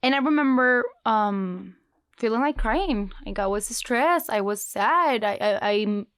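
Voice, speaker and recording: Animated young woman, fairly high voice. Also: measured pace, clean tone, no room sound, studio quality. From Mexico. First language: Spanish. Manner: animated storyteller, frequent restarts. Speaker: guest. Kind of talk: casual interview chat.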